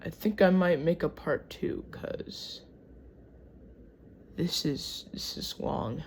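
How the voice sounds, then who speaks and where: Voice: mid-range voice, slow pace, a little hiss or hum. A speaker from Michigan with a Michigan accent, reading history aloud and breaking off into chatty asides, often stumbling over words. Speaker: channel host.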